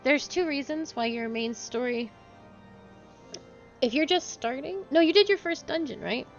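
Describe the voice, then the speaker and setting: Woman streamer, casual game commentary, wry, higher voice, muffled audio, soft game music. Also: unhurried.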